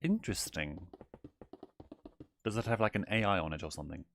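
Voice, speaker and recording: Casting: man playing a theatrical male owl demon prince, lower-voiced, fond of "darling", streaming a game. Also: brisk, creaky, fairly bright tone, slight background noise. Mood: playful. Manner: theatrical, calls people darling, giggly. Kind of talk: in-character gameplay livestream.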